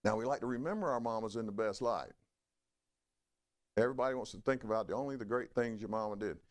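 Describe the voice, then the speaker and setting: A middle-aged man preaching a sermon in a folksy, conversational way. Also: quick pace. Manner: folksy, conversational preaching with lively swings in pitch. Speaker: pastor.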